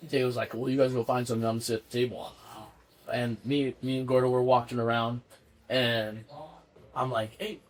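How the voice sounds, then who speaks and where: A man's voice: mid-range voice, a little fast. A man telling a casual story about a night out, acting out what people said, laughing and swearing freely. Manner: animated storyteller, acts out quotes, laughs often, swears casually. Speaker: family member of the football player, storyteller.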